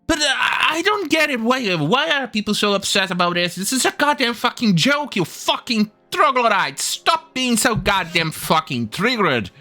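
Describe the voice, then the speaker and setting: A man's voice: high voice, sing-song, moderate pace, hardly any pauses, bright, forceful tone, faint music behind. A man hosting a commentary video, ranting with heavy swearing and scorn, often stumbling and restarting his sentences. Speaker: commentary channel host.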